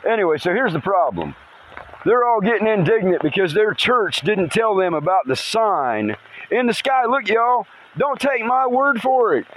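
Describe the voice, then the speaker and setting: A man hosting a podcast outdoors in a rainstorm by a river, talking in an excitable, rambling way and swearing casually. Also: high voice, poor audio. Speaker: podcast host. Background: faint rain and river ambience.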